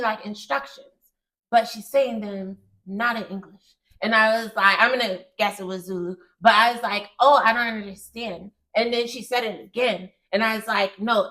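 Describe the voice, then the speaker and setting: A woman's voice: fairly high pitch, rough recording. An American woman telling stories in a casual conversation, often acting out what others said. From United States. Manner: animated storytelling, often quoting others. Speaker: guest.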